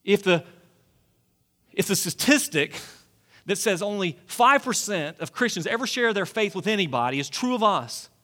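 With a high-pitched, pushed, bright voice, a pastor in his forties preaches in a church sanctuary. His tone is earnest and pleading, and he frequently questions his listeners.

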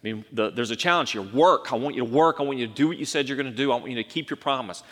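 A man preaching a sermon as pastor, swinging between loud emphatic lines and quiet asides. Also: medium pitch, rapid-fire. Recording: long hall reverb.

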